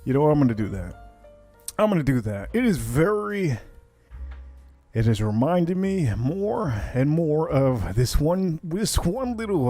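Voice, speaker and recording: A man hosting a whiskey cocktail livestream, chatting casually and rambling with animated asides. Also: on the high side.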